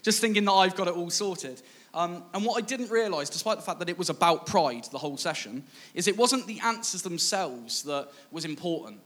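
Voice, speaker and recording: A man delivers a sermon through personal anecdote. He talks conversationally and pokes fun at himself, acting out past dialogue as he goes. His delivery stays relaxed and chatty. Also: sits high, a little fast. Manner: conversational, self-mocking, acts out dialogue. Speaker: preacher.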